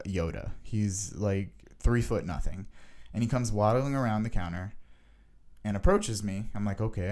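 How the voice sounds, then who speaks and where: A man ranting in a casual vlog, animated and sarcastic. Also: on the low side. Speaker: vlogger.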